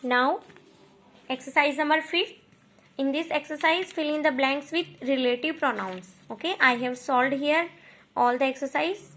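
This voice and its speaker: High-voiced Indian woman teaching English grammar. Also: moderate pace, fairly bright tone. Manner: explains then repeats points, frequent "okay" and "understood" checks. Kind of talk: online grammar lesson.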